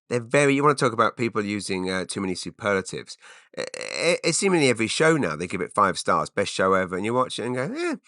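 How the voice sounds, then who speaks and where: A man's voice: deep voice, bright, forceful tone, no room sound, clean studio sound. A man, hosting a rambling solo podcast, full of wry asides and self-interruptions. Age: 40s. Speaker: podcast host.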